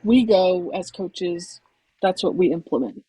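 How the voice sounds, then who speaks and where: Husky soft-spoken woman coach. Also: fairly low pitch, expressive, a little slow, no echo, low-quality recording. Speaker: basketball coach. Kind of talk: casual conversation.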